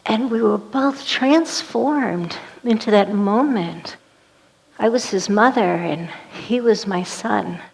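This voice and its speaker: A woman's voice: mid-range voice, slow pace, gravelly, slight background noise. A woman performing a one-woman play as a vivid, dramatic storytelling monologue.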